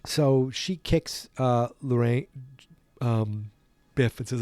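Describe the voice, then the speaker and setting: A podcast host retells a film from memory, rambling, correcting himself, and yawning as he goes. His medium-pitched voice is a little mellow and slow, captured on a dry recording.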